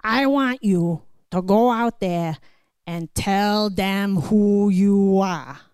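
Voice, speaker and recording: A woman putting on her father's voice, a firm middle-aged man who speaks slowly and pointedly. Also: mid-range voice, darkish tone, clean tone, dry recording, studio quality. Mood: firm, patient.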